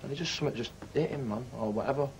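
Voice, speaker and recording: A man's voice: mid-range voice, racing, a crowd in the background, low-quality recording. A man being interviewed as a musician, bantering in a cocky, slangy way and cutting in on others. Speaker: musician guest. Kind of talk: casual interview chat.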